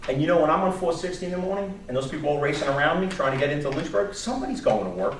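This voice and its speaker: Animated New man in echoey room. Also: a little high, very fast. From New York area. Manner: animated, storytelling, repeats words. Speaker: job search presenter. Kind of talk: live workshop talk. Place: meeting room. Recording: echoey room from far off, faint noise.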